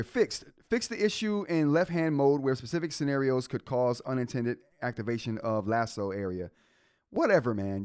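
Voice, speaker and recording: A man's voice: medium pitch, darkish tone, dry recording, clean studio sound. A man hosting a live tech show in a casual way, reading update notes aloud and reacting to the chat.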